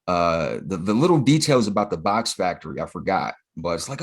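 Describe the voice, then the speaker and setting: A man's voice: low-pitched, expressive, a little fast, husky. A man co-hosting a podcast, recapping in laid-back, profane casual chat with plenty of fillers. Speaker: podcast co-host.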